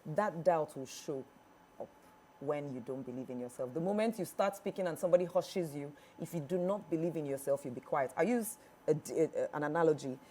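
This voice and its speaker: A woman with a Nigerian accent speaks as a guest trainer in an interview, in a lowish, mellow voice. She talks animatedly and slips into voices when she quotes people. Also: brisk, a little hiss or hum. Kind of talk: conversational interview answers.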